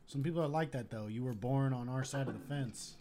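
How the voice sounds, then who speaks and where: A joking man co-hosts a casual live stream and teases his partner as he works through the chat. His voice sits at a middling pitch. Clear background noise runs under everything he says. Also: fairly quick, warm tone. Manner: joking, teasing, reads out comments. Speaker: podcast co-host.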